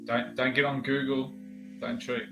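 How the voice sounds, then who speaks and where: A man's voice: medium pitch, flat delivery, a little slow, music in the background. A man playing along as a quiz contestant, teasing and laughing. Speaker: guest contestant. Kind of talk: casual chat.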